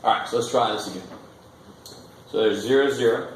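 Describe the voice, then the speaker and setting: A man's voice: mid-range voice, fairly quick. A man teaching a college math lecture, casual and joking as he thinks aloud at the board. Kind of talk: classroom lecture. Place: classroom. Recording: echoey classroom with faint noise.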